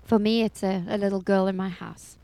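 A woman's voice: mid-range voice, fairly even intonation, a little fast, gravelly, warm tone, dry recording, rough recording. A middle-aged woman giving a personal faith testimony as a foster mother, telling her story expressively and laughing often.

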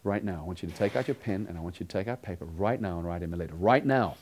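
A man preaching a sermon, earnestly telling a story and acting out the dialogue, sometimes dropping to a hushed tone. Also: deep voice, very fast, slight background noise.

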